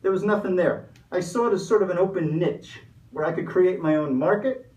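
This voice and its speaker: A man's voice: sits high, a little fast, a little mellow, dull audio, lightly acted. A man playing a greedy, smug Easter Bunny in a comedy sketch interview, talking like a pushy salesman. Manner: wisecracking, pushy salesman patter. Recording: echoey room, mic far off.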